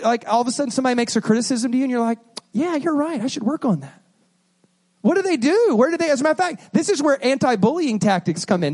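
A male pastor preaching a sermon in a conversational, animated way, acting out little scenes as he talks. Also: high voice.

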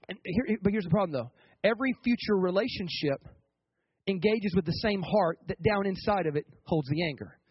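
The voice is a man's, extremely high and husky, recorded with no echo and the highs cut off. He is a pastor preaching a sermon casually and colloquially, often restarting what he says and asking the congregation for responses.

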